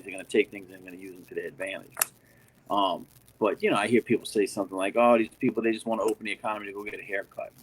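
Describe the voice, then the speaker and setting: A man's voice: on the low side, slightly rough, low-quality recording. A man in casual chat, telling a story animatedly with lots of fillers and swearing.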